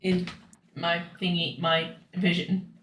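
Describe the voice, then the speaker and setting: A woman's voice: fairly low pitch, level tone, slow, a bit bright, reverberant, slight background noise. A woman playing a tabletop game, chatting casually and playfully with the group. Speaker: player.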